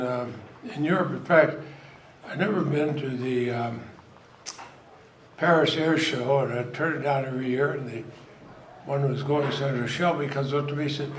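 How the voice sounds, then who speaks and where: An older man, giving a folksy, anecdotal speech at a party event and chuckling through his stories. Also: medium pitch. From Vermont, US. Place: event hall. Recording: echoey hall with crowd noise.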